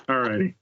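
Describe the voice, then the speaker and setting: A man co-hosting a gaming podcast in casual chat, talkative and upbeat with playful puns. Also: dry recording. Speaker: podcast co-host. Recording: tinny phone-like line, dry.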